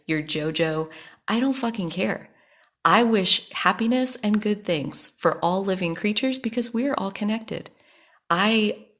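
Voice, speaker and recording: A woman's voice: on the low side, fairly bright tone. A woman hosting a podcast, talking frankly and at length about her life, swearing freely when angry. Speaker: podcast host. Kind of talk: personal monologue.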